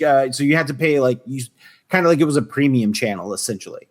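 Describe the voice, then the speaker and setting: A man's voice: medium pitch, lively intonation, fast. A man co-hosting a podcast, talking emphatically and swearing freely, who reads facts aloud to the others. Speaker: podcast co-host. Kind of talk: casual podcast chat.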